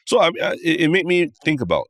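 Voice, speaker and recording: A Singaporean man hosting a podcast in casual chat, easygoing and full of soft agreeing murmurs. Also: fairly high pitch, big pitch swings, fast, no room sound, studio quality. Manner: easygoing, lots of soft mm-hmms. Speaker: podcast host.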